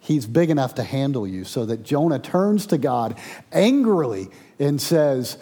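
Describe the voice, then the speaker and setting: A man preaching a sermon to his congregation, with dramatic swings in volume and loud, raised passages. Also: medium pitch, very animated, a little slow, husky. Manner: preaching with dramatic swings, loud when voicing the angry prophet. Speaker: pastor.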